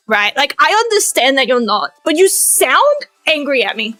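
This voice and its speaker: A high-voiced young woman chats on her stream, loud, fast and very emotive. Her pitch leaps up and down as she talks. The sound is close and dry, with faint music underneath. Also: dry recording. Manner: excitable, loud and fast, lots of pitch swings. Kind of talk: casual chat stream.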